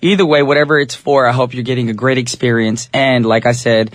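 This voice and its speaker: A man's voice: medium pitch, steady tone, a little fast, dry recording. Easygoing radio DJ man, dry studio sound. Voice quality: a little raspy today. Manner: easygoing, chatty, addresses listeners directly. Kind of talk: English-language radio DJ chat.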